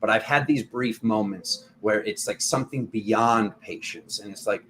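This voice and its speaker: A man hosting a tarot channel, giving a casual spiritual talk in a rambling, animated way full of restarts and fillers. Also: fairly low pitch, normal speed, slight background noise.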